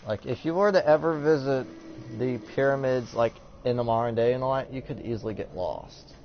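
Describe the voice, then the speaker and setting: A man's voice: medium pitch, brisk. A teenage boy casually commentating his gameplay, rambling with lots of fillers and reading game text aloud. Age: teens. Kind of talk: casual let's-play commentary. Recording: dull lo-fi mic with faint noise.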